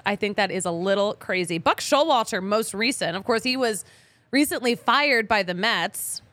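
A woman hosts a sports podcast in a chatty, joking way, with a casual swear here and there. Her voice is bright and a little higher than most. The studio sound is dry, with no room echo. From Philadelphia. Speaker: podcast host.

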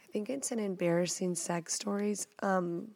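A woman's voice: medium pitch, fairly even intonation, normal speed, a little mellow, no echo. A young woman hosting a podcast, answering questions in a blunt, playful, self-mocking casual chat. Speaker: podcast host.

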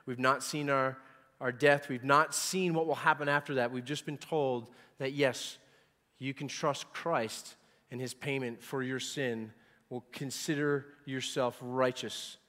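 A man in his forties delivers a sermon with emphatic, repeated phrases that swell loud at key points. His mid-range voice rings out with a long hall reverb. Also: mid-range voice, fairly even intonation, measured pace. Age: 40s. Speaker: pastor.

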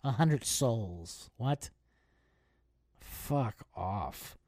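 A man's voice: medium pitch, expressive, extremely slow, darkish tone, dry recording, studio quality. A man hosting a podcast, riffing in a casual, profane, comedic storytelling style with frequent laughs. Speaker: podcast host. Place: touring, recorded while traveling.

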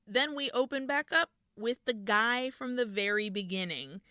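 A woman's voice: fairly high pitch, animated, moderate pace, pushed and bright, dry recording, clean studio sound. A woman co-hosting a podcast, casually retelling a horror movie's plot, swearing freely and acting out the characters' lines. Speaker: podcast co-host.

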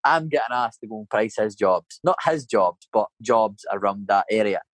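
A man's voice: lowish voice, lively intonation, normal speed, dry recording, rough recording. A Scottish man in his thirties, a painter and decorator, telling a rambling story in casual chat and filling it with "mate" and "you know". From Scotland.

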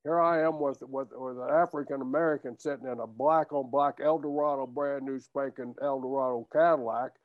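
A man's voice: medium pitch, steady tone, a little fast, few pauses, no room sound. A man in a casual podcast chat, telling stories and laughing easily. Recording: dull lo-fi dry audio.

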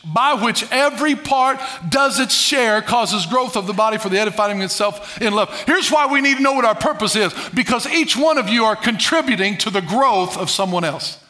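A male pastor preaching a sermon, calling on the congregation to repeat words and swinging between loud bursts and low muttered asides. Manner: preaches with call-and-response to the congregation.

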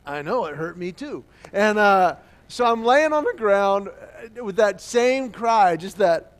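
Brief: male pastor, high-pitched, animated storytelling sermon with acted-out voices. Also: a little slow, a little hiss or hum.

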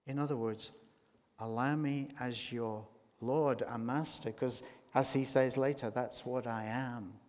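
Male preacher, measured sermon delivery, very slow, long hall reverb. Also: medium pitch, fairly even intonation, a little mellow. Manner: slow, deliberate preaching with emphatic rises.

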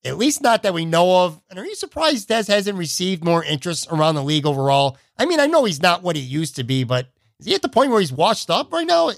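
A man's voice: sits high, very animated, fast, gravelly, hardly any pauses, no room sound, studio quality. A man hosting a podcast, asking long, chatty, run-on questions. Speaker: podcast host. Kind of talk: casual interview questions.

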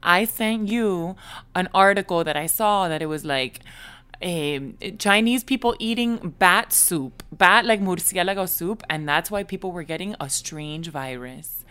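A woman's voice: fairly low pitch, a little slow, fairly bright tone, smooth. A woman co-hosting a casual chat podcast, talking in a chatty, gossipy and emphatic way. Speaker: podcast co-host.

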